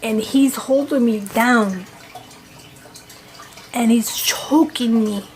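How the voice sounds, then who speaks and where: A woman's voice: on the high side, slow pace, darkish tone. Emphatic woman telling a scary story. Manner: dramatic, emphatic retelling with swearing. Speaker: vlogger. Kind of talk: storytime vlog.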